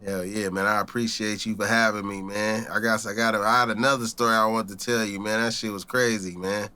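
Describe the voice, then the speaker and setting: A man's voice: lowish voice, brisk, clean tone. A young man, an interview guest, telling a story in casual street slang and acting out the voices in it. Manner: animated, acts out voices in his story, heavy slang.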